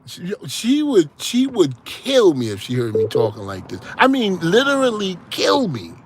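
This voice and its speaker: A man's voice: sits high, huge pitch swings, a little slow, slightly rough. A man hosting a call-in show, joking and laughing through casual phone banter.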